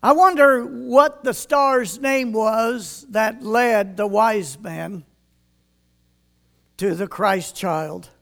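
An older man preaches a homespun sermon in an unusually high voice for a man. His delivery is slow and unhurried, with a gravelly edge. He reads old scripture in a measured King James cadence. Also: fairly bright tone. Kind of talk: folksy sermon with scripture reading.

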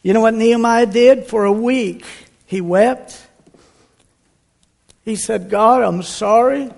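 Male pastor, high gravelly voice, slow emphatic sermon delivery. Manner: fervent preaching, drawn-out emphatic phrases. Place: church sanctuary. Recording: church hall reverb with soft music.

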